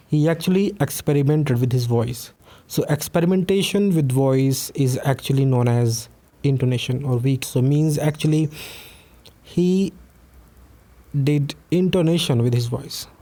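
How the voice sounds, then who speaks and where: A man teaching newspaper vocabulary, switching between Hindi and English and reading example sentences slowly. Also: mid-range voice, warm tone. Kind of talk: vocabulary lesson.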